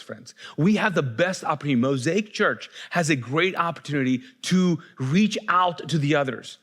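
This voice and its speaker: Male pastor, fairly high voice, loose and conversational sermon delivery with mounting fervor. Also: a bit bright. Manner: conversational, with frequent restarts and rising fervor.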